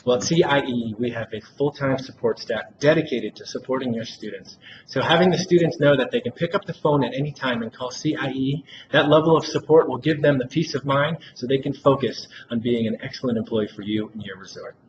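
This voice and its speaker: A man giving a rehearsed, persuasive sales pitch in a role-play and often addressing the listener by name. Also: a little fast. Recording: dull lo-fi recording with clear background noise.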